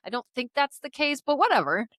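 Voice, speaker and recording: A woman's voice: high voice, sing-song, fairly quick, fairly bright tone, dry recording. A woman co-hosting a podcast, telling a story in casual chat, acting out the dialogue, swearing and laughing often. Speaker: podcast co-host.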